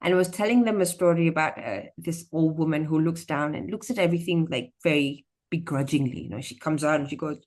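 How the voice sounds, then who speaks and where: A woman's voice: low voice, brisk, hardly any pauses. A woman from Singapore, a storyteller speaking animatedly as a podcast guest. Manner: animated, expressive, slips into acted voices. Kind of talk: casual interview conversation.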